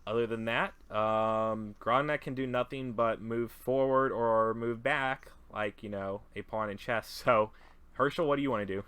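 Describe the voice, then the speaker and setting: A man's voice: medium pitch, steady tone, measured pace, a bit bright, clear, resonant tone, no echo. A man running a tabletop game as game master, narrating casually with lots of fillers.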